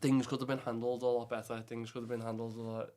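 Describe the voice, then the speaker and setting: A young man from England with a Liverpool Scouse accent rambles casually as a podcast guest, heavy with fillers and swearing and saying "lad" often. His mid-range voice is warm and fast, with a level tone.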